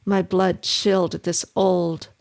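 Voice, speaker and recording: A woman narrating a horror story in a measured, suspenseful reading. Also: on the low side, little pitch movement.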